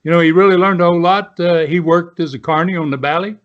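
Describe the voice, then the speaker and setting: On a lo-fi recording, a southern US man in his seventies, a guest and former pro wrestler, spins rambling, casual stories loaded with fillers. He speaks quickly in a voice on the high side.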